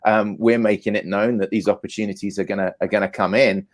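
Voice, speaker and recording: British guy on a podcast, lowish voice, gets animated and high when he pushes a point. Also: fast talker. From England. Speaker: guest team leader. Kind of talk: casual podcast chat.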